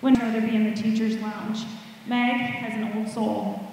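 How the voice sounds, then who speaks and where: A woman's voice: on the high side, flat delivery, normal speed, a little mellow, far from the mic, slight background noise. A mother reading a heartfelt graduation tribute to her daughter, with apologetic asides, at a ceremony. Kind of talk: read speech at a ceremony. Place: large hall at a graduation event. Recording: echoey hall, heard from afar.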